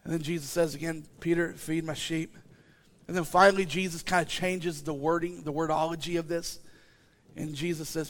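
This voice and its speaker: A man preaching a sermon, animated and emphatic, full of repeated rhetorical questions and rising to shouts. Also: a little high, moderate pace. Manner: animated, acting out the disciples' voices, rising to shouts.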